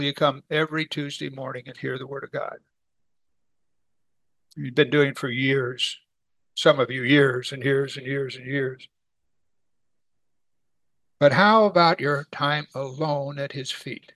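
Bright-voiced man teaching Bible study. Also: mid-range voice, no room sound. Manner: conversational, asks the class rhetorical questions.

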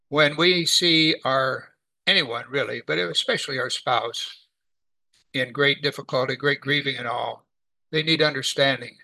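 A man preaching a sermon, teaching from the Bible in a conversational, animated way. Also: medium pitch, creaky, low-quality recording.

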